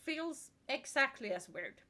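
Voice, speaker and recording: A woman's voice: high voice, very animated, a little slow, pushed and bright. A woman from Sweden with a Swedish accent, streaming a game and chatting frankly, laughing between remarks. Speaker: VTuber streamer. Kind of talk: casual chat while streaming a game.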